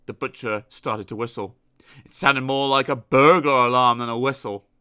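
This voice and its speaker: A man narrating a children's storybook aloud in an expressive, animated storytelling manner. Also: mid-range voice, moderate pace, clear, resonant tone, dry recording, studio quality. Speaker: audiobook narrator.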